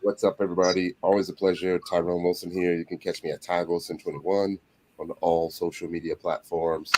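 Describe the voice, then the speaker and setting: A man speaking as a guest on a panel show, laid-back and relaxed, often saying "you know.". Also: deep voice, brisk, poor audio. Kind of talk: casual panel chat.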